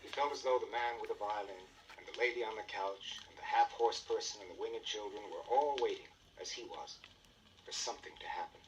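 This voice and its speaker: A man narrating a children's storybook record with expressive storytelling. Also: fairly low pitch, a little fast, far from the mic, a little hiss or hum, low-quality recording.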